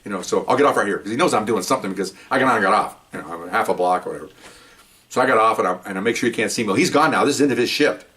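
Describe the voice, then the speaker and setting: An older man, a retired police officer, telling a story casually and jumping up in pitch as he acts out the dialogue. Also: very fast. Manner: animated, jumps up in pitch when acting out dialogue. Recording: voice picked up from a distance.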